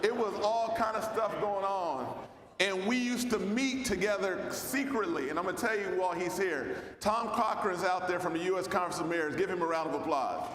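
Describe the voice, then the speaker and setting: Founder-type speaker, male, casual and folksy, works the crowd; high voice, roomy hall sound. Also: moderate pace, fairly bright tone. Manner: loose, folksy, calls out to the crowd. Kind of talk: lively speech at a luncheon. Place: large banquet hall. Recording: echoey hall with long reverb.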